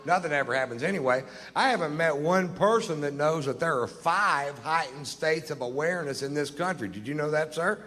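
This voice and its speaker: A male stand-up comedian telling jokes on stage in a dry, deadpan drawl, with plenty of profanity. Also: on the high side, a little fast, hardly any pauses. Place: theater stage. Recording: live show in a reverberant hall with audience noise. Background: audience laughter.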